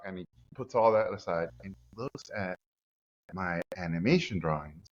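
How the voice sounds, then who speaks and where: A man's voice: low-pitched, sing-song, moderate pace, muffled recording. A man from Mexico, a guest animator, telling stories in a casual interview and acting out quotes in different voices.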